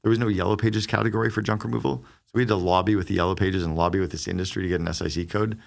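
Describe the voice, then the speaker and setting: Middle-aged male podcast guest, deep creaky voice, rapid animated storyteller. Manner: fast, animated storyteller who acts out quoted dialogue. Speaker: guest, business strategist.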